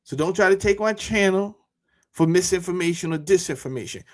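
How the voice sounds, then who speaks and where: A man talking casually to his viewers as a YouTuber, animated and full of rhetorical questions and slang. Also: sits high, brisk. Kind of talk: casual monologue to camera.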